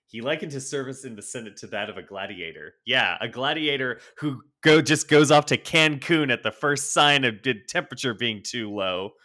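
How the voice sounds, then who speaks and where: Co-hosting a podcast, a man reads news items aloud in a casual chat, tossing in sarcastic, wry asides. His medium-pitched voice is bright and forceful, moving at a moderate pace with hardly any pauses.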